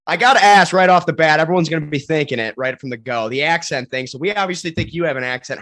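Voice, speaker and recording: Cheery ohio dude co-hosting, bright tone. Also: male voice, fairly high pitch, fast talker, few pauses. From Cleveland, Ohio. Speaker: podcast co-host. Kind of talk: casual chat.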